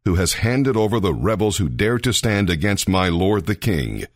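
A man's voice: low voice, very animated, moderate pace, dry recording, studio quality, heavily acted. A man reading an eager, pleading young messenger.

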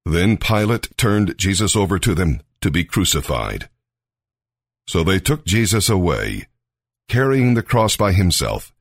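A man with a very low voice reading scripture aloud in a steady, expressive way. His pitch rises and falls freely, and the sound is dry and close to the mic. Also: measured pace, no echo. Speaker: scripture reader.

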